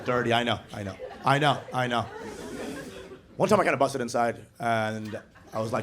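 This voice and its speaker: A man performing a stand-up comedy set on a club stage, joking in an animated way with a handheld mic. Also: medium pitch, normal speed, noisy background. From Bangladesh. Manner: animated, jokey delivery with frequent laughter. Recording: live club recording, loud crowd laughter.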